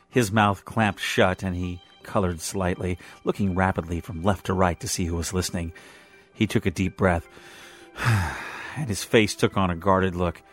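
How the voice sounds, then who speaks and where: A man's voice: low voice, fairly even intonation, a little slow, faint music behind. A man narrating a science fiction story aloud. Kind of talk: reading fan fiction aloud.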